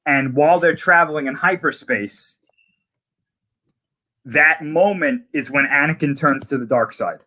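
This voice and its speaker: A man's voice: on the high side, measured pace, pauses often, pushed and bright. A man in casual conversation, eagerly retelling scenes from a series in detail. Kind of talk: casual chat.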